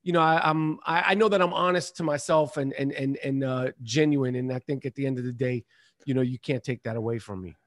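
A man in casual conversation, telling stories in a profane, animated way and repeating himself as he talks. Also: medium pitch, a little fast. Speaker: podcast guest. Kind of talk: casual chat.

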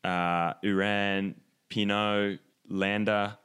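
A man co-hosting a casual cycling talk show, relaxed and chatty with fillers. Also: lowish voice, very slow, clear, resonant tone. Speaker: cycling podcast co-host. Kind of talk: casual race analysis chat.

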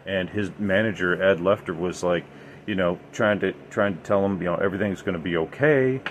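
Talking a little fast in a low voice, this podcast host rambles through paranormal stories in an emphatic, filler-heavy way. Slight background noise is audible.

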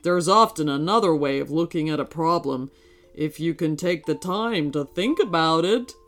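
A woman voicing a slow, kindly old sloth who speaks gently and unhurriedly. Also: deep voice, animated, soft background music. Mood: gentle.

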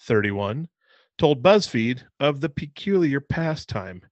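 Man reading news out loud on a podcast. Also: mid-range voice, big pitch swings, slow pace, dry recording, muffled recording. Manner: reads out articles with laughing asides. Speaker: podcast co-host. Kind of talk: casual podcast chat, reading a news story aloud.

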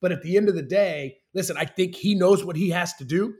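A ballplayer guest with a slightly high voice, talking with keen enthusiasm. His speech is loose and casual, full of "bro" and "man". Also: a little fast, darkish tone. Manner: enthusiastic, says "bro" a lot. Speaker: professional baseball player, guest. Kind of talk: casual sports chat.

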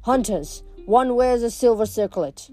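Irritable young man, bitter, impatient, voiced by a woman reader, mellow tone. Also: fairly high pitch, expressive, unhurried, soft background music.

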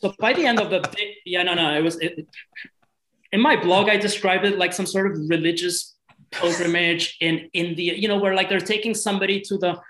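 Halting European man telling a story. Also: high-pitched, sharp tone, slight background noise, rough recording. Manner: halting, with many restarts and repeated words. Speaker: guest. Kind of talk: casual storytelling.

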